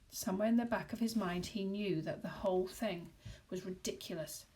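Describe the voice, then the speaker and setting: A woman reading a children's novel aloud in a lively, expressive storytelling voice. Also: medium pitch, moderate pace, distant mic. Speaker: narrator.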